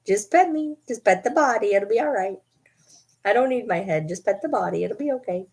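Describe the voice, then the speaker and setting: Lady putting on a squeaky sassy old girl pug, cuddly, begging for pets. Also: animated, a little fast, darkish tone, husky. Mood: blissful. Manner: high cutesy baby voice.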